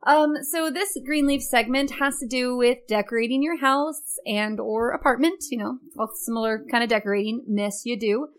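A woman's voice: fairly high pitch, moderate pace, few pauses. Teasing, giggly woman co-host. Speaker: podcast co-host. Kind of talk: casual podcast chat.

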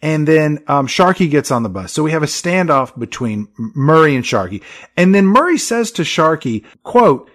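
Man, podcast co-host, lively pitch, slightly high voice, comedic movie recap. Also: moderate pace. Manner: animated storyteller, acts out characters.

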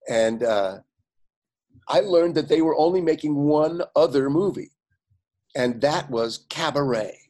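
An older man, a guest, telling anecdotes in an animated way, acting out other people's lines and often laughing. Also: a little high, a little slow. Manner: animated storyteller, quotes others in lively voices, frequent fillers and laughs. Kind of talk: anecdotal storytelling.

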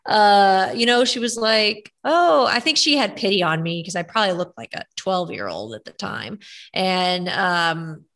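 Young woman, podcast host, chatty and animated, clear bright tone. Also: medium pitch, moderate pace. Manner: animated storytelling, lots of fillers. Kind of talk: casual chat.

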